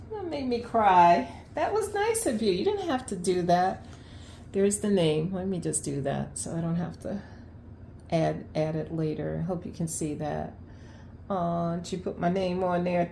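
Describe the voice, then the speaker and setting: A woman unboxing plants in a casual vlog at home, gushing with excitement and laughing often. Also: fairly low pitch, vocal fry, echoey room, slight background noise. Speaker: plant vlogger. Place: home, unpacking at the sink.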